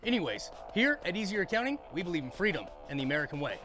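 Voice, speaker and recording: A man as spokesman in a scripted comedic commercial, giving a deadpan, earnest sales pitch. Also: very fast, poor audio. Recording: ad audio with loud music.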